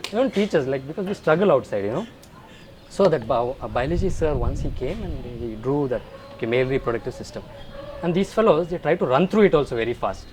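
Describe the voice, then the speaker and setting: A young man with an Indian English accent doing animated stand-up comedy, slipping into mock voices. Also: mid-range voice, quick pace. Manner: animated storytelling, puts on mock voices for laughs. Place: school alumni event hall. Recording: live room with crowd laughter and background noise.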